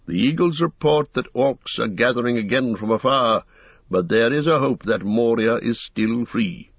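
A man with a husky voice reading the part of a grave, commanding old wizard in an audiobook, speaking in a stern, measured way. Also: mid-range voice, expressive, dry recording. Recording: dull lo-fi recording.

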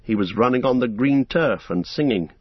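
A man narrates an audiobook in a steady storytelling voice. His tone is husky and lively in pitch, and the sound is dry and a bit dull. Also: normal speed, dry recording. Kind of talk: scripted narration.

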